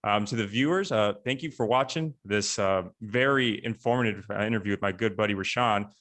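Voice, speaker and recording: A young man hosts a casual chat by video call, his voice sitting a little low. He talks in a relaxed, halting way and leans on fillers and restarts. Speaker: podcast host.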